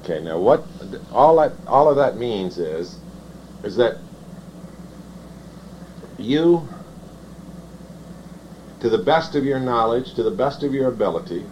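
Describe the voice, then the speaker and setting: Preacher, deliberate and halting. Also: male voice, mid-range voice, lively intonation, a little mellow. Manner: slow deliberate reading with halting, self-correcting explanations. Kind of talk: sermon, reading scripture then teaching. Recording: dull lo-fi sound with faint noise.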